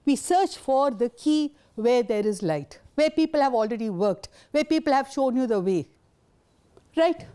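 A woman's voice: high voice, expressive, a little slow, warm tone, smooth. An older woman, giving a passionate, indignant conference talk. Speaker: invited speaker.

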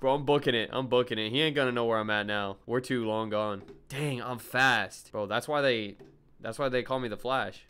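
A young man streaming a horror game, chatting with viewers in slang and yelping and shouting at every scare. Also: mid-range voice, moderate pace, clear, resonant tone. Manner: excitable, yelps and shouts at scares. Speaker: gaming streamer. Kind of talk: live gameplay commentary to chat.

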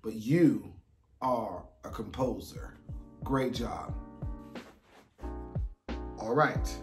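Man, music teacher, encouraging, slow deliberate delivery, counts beats aloud, background music. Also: mid-range voice, reverberant. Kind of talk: online music theory lesson.

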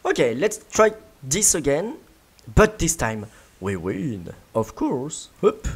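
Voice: mid-range voice, very animated, takes it slowly, breathy edge. A gaming video creator giving playful let's-play commentary, full of yelps, giggles and mouth sound effects.

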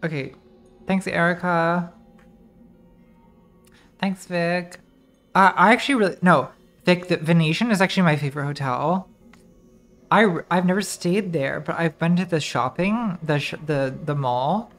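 A woman's voice: on the low side, a little slow, pauses often, soft background music. A woman streamer giving casual, rambling commentary while playing a game, distracted and swearing as she talks to herself.

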